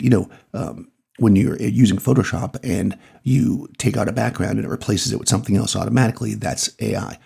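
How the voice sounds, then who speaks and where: A middle-aged podcast host with a Massachusetts accent and a deeply gravelly, rough-edged voice. He rambles easily as he thinks aloud, breaking off with small laughs. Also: warm tone. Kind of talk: casual solo podcast monologue.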